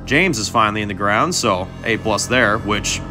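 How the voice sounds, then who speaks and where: A man's voice: on the low side, animated, normal speed, music in the background, natural voice. Man doing Audrin, a taunting mercenary. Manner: drawling, mocking, calls people darling. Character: swaggering male mercenary with a chainsaw.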